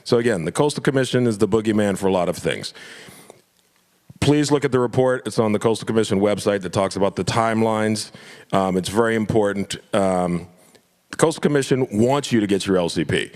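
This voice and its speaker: A man's voice: on the low side, brisk, a little mellow. Impassioned man in a reverberant hall. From Florida. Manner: emphatic, repeats himself, restarts often. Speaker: elected official speaking at a club meeting. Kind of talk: impassioned public remarks.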